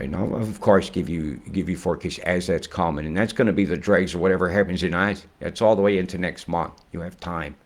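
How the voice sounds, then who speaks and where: A man giving a casual weather forecast in a rambling, excitable way, often swearing and slipping into rhymes. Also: sits low.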